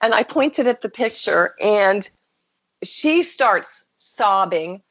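A woman's voice: medium pitch, slow, breathy edge, lo-fi sound. A woman, a podcast guest, telling a personal story in an interview and acting out the voices of the people she quotes. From United States. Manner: animated storyteller who acts out quoted voices.

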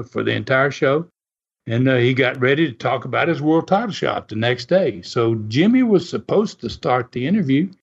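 A man casually telling an animated, folksy story and chuckling often as he goes. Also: a little high. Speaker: storyteller recalling wrestling TV. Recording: dull lo-fi sound.

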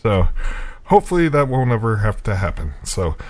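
A man's voice: fairly low pitch, very animated, normal speed, darkish tone, no room sound. A man hosting a podcast, telling a rambling, self-mocking story in a casual chat with many fillers and chuckles. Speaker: podcast host.

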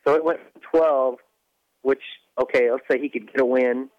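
A man's voice: mid-range voice, fairly even intonation, normal speed, dry recording. Wry man on a slightly dull recording. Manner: wry, joking, loose rambling delivery. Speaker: podcast co-host. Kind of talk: casual chat.

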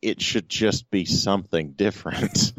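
A man's voice: low voice, unhurried, no room sound. A man co-hosting a podcast, giving blunt, stubborn, contrarian opinions on comics in casual chat. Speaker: podcast co-host.

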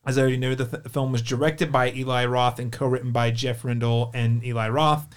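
Brisk and medium-pitched with fairly even intonation, a podcast host reviews movies in a casual, enthusiastic way. He leans heavily on fillers and keeps restarting his sentences.

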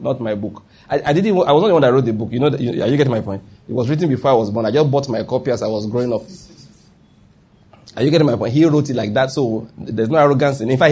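A man's voice: medium pitch, a little mellow, slightly rough. A man with a Nigerian accent preaching a sermon, emphatic and often asking whether listeners follow his point. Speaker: pastor.

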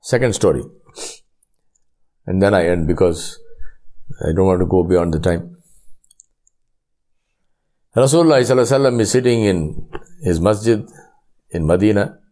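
Man delivering a sermon, lively storyteller who plays out each character's lines. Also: lowish voice. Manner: animated, voices characters in his stories. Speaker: preacher.

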